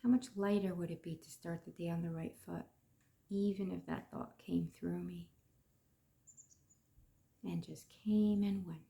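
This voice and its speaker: Gravelly, mellow-voiced woman coaching gently. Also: lowish voice, fairly even intonation, unhurried, pauses often. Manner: gentle, asks rhetorical questions, sometimes drops to a whisper. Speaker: emotions coach. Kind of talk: reflective coaching talk.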